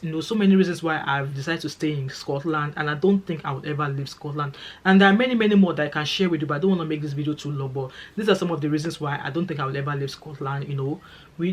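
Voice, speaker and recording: A Nigerian woman talks to camera in a brisk, rapid vlog. She is chatty and emphatic, often repeating words to drive a point home and addressing her viewers directly. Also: sits low. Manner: chatty and emphatic, repeats phrases for stress, speaks straight to viewers. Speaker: vlogger. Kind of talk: casual talking-to-camera vlog.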